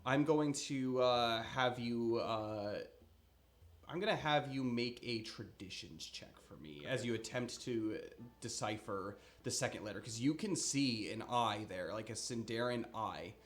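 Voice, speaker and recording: A man's voice: mid-range voice, a little slow. A man running a tabletop game as game master, narrating casually and loosely. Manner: casual, filler-heavy narration.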